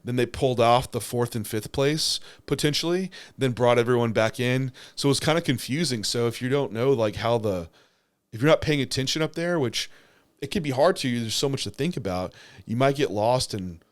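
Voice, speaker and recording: A man's voice: medium pitch, expressive, normal speed. A young man co-hosting a podcast, talking casually about his bodybuilding competition, rambling with many filler words and restarts.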